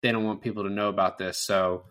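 Speaking fast in a lowish, clear, resonant voice, a podcast co-host chats casually about a movie. He stays animated, curses frequently, and performs the characters' quoted lines.

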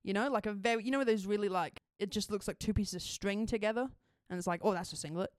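A young Australian woman co-hosting a podcast and telling a story in casual chat. She talks in an animated way, laughs often and swears freely. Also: mid-range voice, quick pace, no room sound, studio quality. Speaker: podcast co-host.

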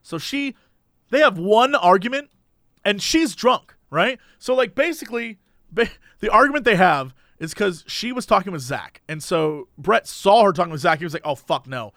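A man casually recapping a reality show, telling stories with lively put-on voices for the people in it. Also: high-pitched, moderate pace, no echo, clean studio sound. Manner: animated storyteller, acts out quotes in voices. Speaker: podcast co-host.

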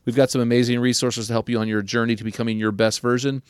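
A man's voice: medium pitch, little pitch movement, clean tone, no room sound, clean studio sound. Earnest older man hosting a podcast. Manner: earnest, slows down to stress key questions. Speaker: podcast host. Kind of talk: earnest advice talk to men.

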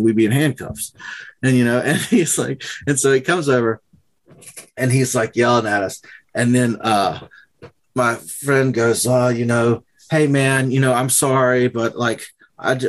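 Young man, casual storyteller, foul-mouthed and animated. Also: medium pitch. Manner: profane, animated retelling with quoted voices. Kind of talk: casual chat, telling a story.

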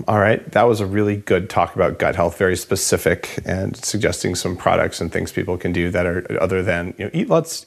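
A man hosting a health interview, talking in a relaxed, rambling, jokey way. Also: sits low, vocal fry. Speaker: podcast host. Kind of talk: casual interview chat.

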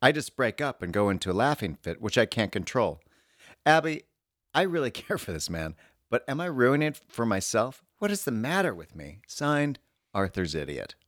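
A podcast co-host trading dry quips and quick agreements, and reading an old advice letter aloud. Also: medium pitch, very animated, fairly bright tone, dry recording.

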